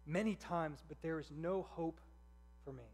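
A man's voice: on the high side, unhurried, darkish tone, long reverb tail. A man voicing an ashamed, despairing young prince who talks in a broken way.

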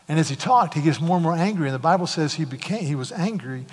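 Pastor guy telling a bible story all lively, bit high voice, big church echo. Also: fast, hardly any pauses, slightly rough. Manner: animated storyteller with casual asides. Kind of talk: sermon retelling a scripture story. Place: church sanctuary. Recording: long hall reverb.

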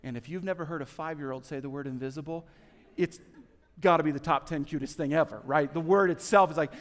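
A male pastor preaching with a slightly high voice, his delivery swinging from loud, urgent lines to soft, hushed ones. A long reverb from the hall trails his words. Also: fast. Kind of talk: sermon.

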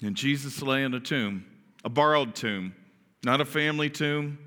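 Preacher guy telling it big, bright tense voice, hall echo behind him. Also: mid-range voice, normal speed. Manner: dramatic, swings from hushed to loud; acts out voices in retelling. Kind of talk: sermon. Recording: long hall reverb.

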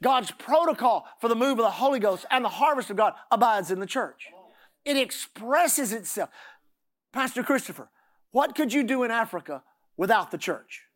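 A man's voice: very high-pitched, expressive, normal speed. A middle-aged man preaching a sermon, often repeating words and asking the congregation "Amen?".

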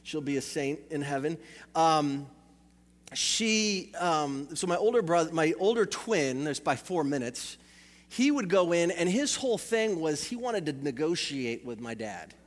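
Male pastor, high bright voice, animated storyteller, hall reverb. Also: a little slow. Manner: animated, acts out voices in anecdotes, repeats words. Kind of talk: sermon with acted family stories.

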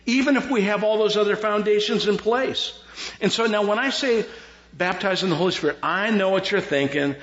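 Joking preacher. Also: male voice, sits high, fairly quick, roomy sound. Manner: animated preaching with jokes and repetition. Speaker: pastor. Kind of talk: sermon. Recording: dull lo-fi sound.

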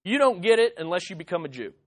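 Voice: sits high, very animated, measured pace, a bit bright, pitched above the performer's own voice, exaggerated voice. A preacher voicing a resentful, self-righteous crowd with indignant, complaining lines during a sermon.

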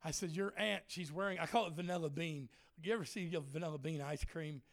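A man's voice: fairly high pitch, fairly quick. A man preaching a humorous sermon, telling stories with lots of laughter and playing out other people's voices. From Germany. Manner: jokey, animated, laughs a lot, acts out voices. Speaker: traveling preacher and worship leader.

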